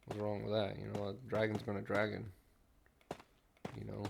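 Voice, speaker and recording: A middle-aged man streaming a game, talking in a mellow, rambling way and humming to himself while he builds, recorded at a desk mic. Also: lowish voice, completely flat delivery, normal speed, vocal fry, background noise. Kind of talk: relaxed gameplay commentary.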